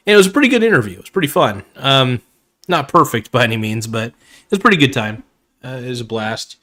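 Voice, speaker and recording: A man chats loosely on a live stream, full of "um" and "uh" and friendly asides to his viewers. His voice is a little worn, as if he is starting to lose it. He sits in an everyday middle register, neither high nor low. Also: pushed and bright. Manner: rambling, filler-heavy, calls viewers "man" and "guys". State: slightly losing his voice. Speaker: fantasy football video host. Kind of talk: casual live-stream chat.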